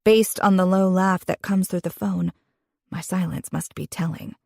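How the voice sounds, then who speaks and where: A young woman reading a first-person romance audiobook in an expressive, intimate way, with a husky voice. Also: on the low side, moderate pace, no echo, studio quality. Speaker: audiobook narrator.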